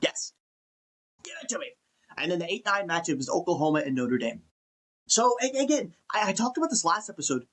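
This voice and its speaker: Husky ranting man talking football. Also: high-pitched, very animated, quick pace, fairly bright tone. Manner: ranting, exasperated, swears. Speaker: podcast host. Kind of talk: casual sports talk.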